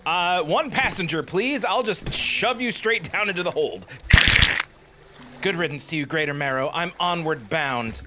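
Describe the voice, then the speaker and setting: A man hosting a casual let's play, giving animated, jokey commentary on a video game. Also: a little high, unhurried, noisy background. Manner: animated, jokey, self-deprecating.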